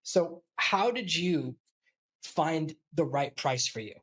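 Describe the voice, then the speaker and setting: A man's voice: on the high side, animated, takes it slowly, a bit bright. A man hosting a podcast interview, telling business stories and acting out what other people said. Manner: storytelling, acts out quoted voices. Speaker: podcast host. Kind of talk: casual interview chat.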